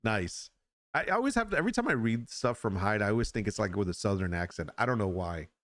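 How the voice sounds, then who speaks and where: A man's voice: lowish voice, big pitch swings, fast talker, a bit bright, no echo, studio quality. A middle-aged man hosting a casual solo podcast chat, rambling and frank, often repeating words as he restarts a thought. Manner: frank, opinionated. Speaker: podcast host.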